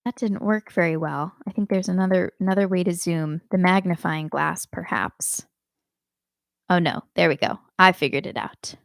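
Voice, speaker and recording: A woman giving a live online singing lesson, explaining clearly and demonstrating phrases by speaking and singing them. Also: fairly low pitch, steady tone, brisk, few pauses, dry recording, studio quality. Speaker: singing teacher.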